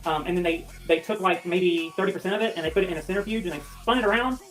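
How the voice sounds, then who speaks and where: A woman's voice: fairly low pitch, very fast. Out-of-breath woman livestreamer, blunt and profane, faint music underneath. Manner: blunt and profane, reading and answering viewer comments. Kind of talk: casual livestream chat.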